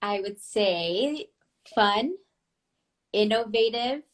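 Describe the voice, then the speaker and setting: Woman guest on a podcast, calm and easygoing, regular pitch. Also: very slow. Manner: calm, easygoing, laughs along. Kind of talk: casual podcast chat.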